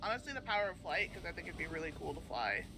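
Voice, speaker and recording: A woman's voice: lowish voice, very animated, very fast, noisy background. A woman co-hosting a live stream, chatting playfully and laughing often. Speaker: co-host and channel editor. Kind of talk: casual live-stream chat.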